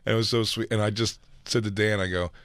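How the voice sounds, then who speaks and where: A man co-hosting a podcast, telling stories in casual banter and slipping into quick imitations of what people said. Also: on the low side, steady tone, a bit bright, no echo, clean studio sound. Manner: storytelling with quick mimicked quotes. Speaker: co-host.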